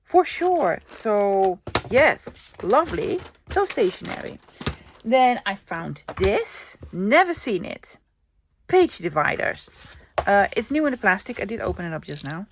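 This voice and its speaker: A woman's voice: mid-range voice, very animated, a little slow, background noise. Chatty woman vlogger. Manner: chatty, enthusiastic, thinking aloud. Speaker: craft vlogger. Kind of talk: casual show-and-tell vlog.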